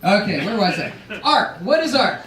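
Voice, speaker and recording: A man's voice: sits high, very animated, normal speed, a bit bright. A man giving a casual, jokey speech at an art show, swearing and laughing as he talks. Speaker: event organizer giving a speech. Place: art show in a restaurant lounge. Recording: roomy sound from a distant camera.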